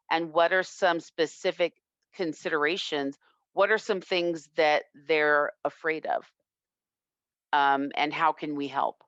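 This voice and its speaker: A woman self-defense instructor telling a personal story in an interview, reflective and earnest with halting restarts. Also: sits low, fairly bright tone, no room sound. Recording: dull lo-fi, dry sound.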